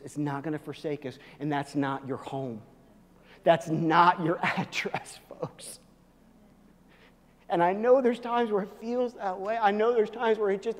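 A male pastor preaching a sermon, swinging from hushed, low asides to loud, emphatic proclaiming. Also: big-room sound.

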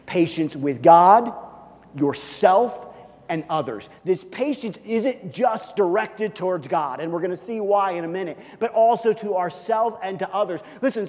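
A male pastor delivers a sermon with a fairly high voice, acting out scenes as he goes. He swings between loud, lively bursts and near-whispered asides. His voice carries a long reverb from a church hall. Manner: animated, acts out scenes with big swings in loudness.

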